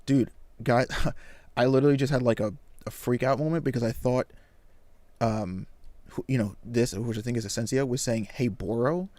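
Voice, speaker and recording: A man reading a comic aloud and reacting with excited exclamations and casual slang. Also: mid-range voice, moderate pace, dry recording.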